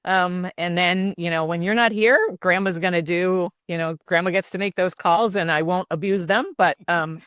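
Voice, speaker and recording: A woman's voice: fairly low pitch, normal speed, no echo. Reflective older woman, dry close sound. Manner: warm reflective storytelling with many fillers. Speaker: guest. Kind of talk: casual interview talk.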